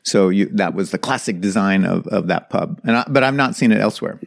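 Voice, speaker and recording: Male host, low voice, conversational, leads the talk. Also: fairly quick, vocal fry. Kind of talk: casual podcast chat.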